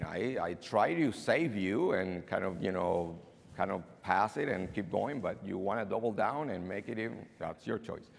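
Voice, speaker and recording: A man's voice: low-pitched, moderate pace, gravelly, a little hiss or hum. A man from abroad giving a conference talk, telling stories and acting out the people in them. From outside the US. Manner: animated storyteller acting out dialogue. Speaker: keynote speaker. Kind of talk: conference talk with acted anecdotes. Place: banquet hall. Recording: long hall reverb.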